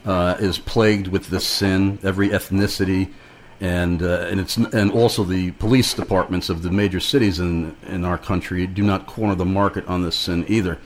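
A man hosting a Christian talk radio interview, speaking in a measured, preaching-style way. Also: sits low, little pitch movement, slight background noise. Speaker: radio show host.

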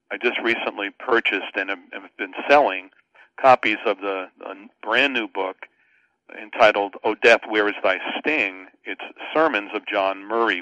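A man's voice: lowish voice, pushed and bright, no room sound, muffled recording. An older man, a pastor, explaining a Bible verse as a radio guest in an earnest, teacherly way with many restarts.

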